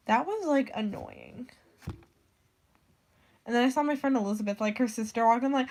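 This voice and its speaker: A woman's voice: a little high, normal speed, darkish tone. A young woman telling stories in a rambling, casual way, swearing freely and saying "like" constantly. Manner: rambling, profane, lots of "like". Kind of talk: casual storytelling vlog.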